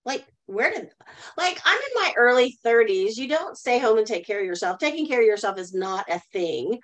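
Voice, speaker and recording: A woman's voice: fairly high pitch, big pitch swings, moderate pace, poor audio. A middle-aged woman telling a personal story as a guest in a live online talk, earnestly, and asking the audience to answer in the chat. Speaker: guest speaker.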